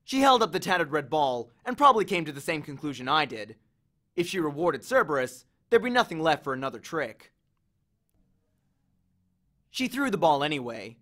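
A man reading a novel aloud, telling the story in a fairly high voice that rises and falls a lot. His delivery is expressive and animated as he moves through the action. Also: moderate pace, pauses often. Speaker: audiobook reader.

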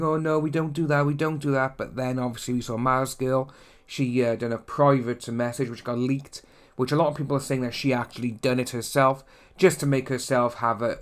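A man talks through a casual commentary vlog as its host, rambling and chatty, with plenty of "you know" and "uh." His voice sits at an ordinary mid pitch for a man. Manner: rambling and chatty, with frequent fillers. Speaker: channel host.

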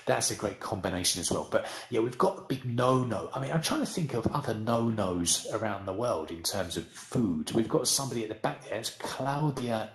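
A man's voice: lowish voice, expressive, brisk, few pauses, roomy sound. A man with a British accent teaching a casual, rambling English lesson in a virtual room. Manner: chatty, rambling, self-deprecating.

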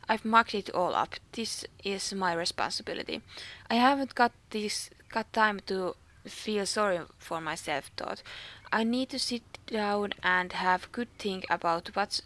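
A short-fused female stable keeper from a horse game who is quick to blame others, read aloud by a woman with a Finnish accent. The lines come out in a mid-range pitch, full of stumbles and restarts. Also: fairly bright tone, natural voice. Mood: worried. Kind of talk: reading game dialogue aloud.

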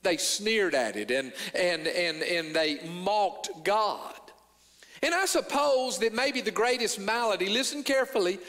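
A man's voice: high voice, lively intonation, unhurried, a bit bright, long reverb tail. A man preaching a sermon as a pastor, earnest, restarting and repeating words, rising in emphasis as he quotes scripture. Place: church sanctuary.

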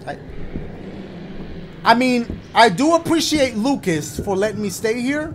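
Playing a horror game for his channel, this man cracks jokes, swears as he reacts, and yelps whenever something startles him. His very high voice is expressive and a little slow, with frequent pauses over a noisy background.

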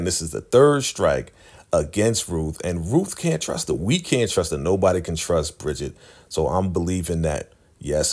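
A man with a very low, husky voice talks through a TV episode recap. He keeps it chatty and loose, speaking to his viewers like friends. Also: a little mellow. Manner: chatty, conversational, drawling. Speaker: TV recap vlogger.

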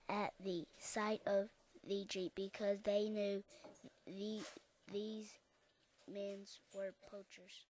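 A woman reading a class-written picture story aloud in a careful, halting way. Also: medium pitch, a little mellow, a little hiss or hum.

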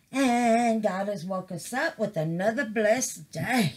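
A woman, chatting casually to camera as a crafting vlogger, excited and full of exclamations, calling her viewers "babies". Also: a little high, takes it slowly, few pauses.

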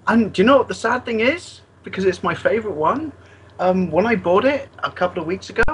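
A man with a British accent, co-hosting a casual podcast chat and telling stories in an animated, chatty way. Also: high-pitched, brisk, slightly rough, poor audio. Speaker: podcast co-host.

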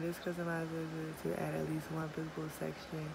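Excitable young woman, gravelly low voice. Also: moderate pace, hardly any pauses, very noisy. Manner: excitable, swings between murmured asides and squeals. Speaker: small business owner launching an online store. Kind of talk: casual vlog chat.

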